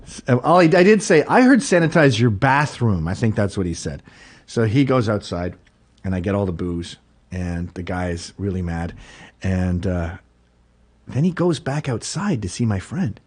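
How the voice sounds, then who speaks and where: Animated man telling a story. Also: lowish voice, moderate pace, slightly rough. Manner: animated, laughing, acts out quotes loudly. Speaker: podcast guest. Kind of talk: casual storytelling chat.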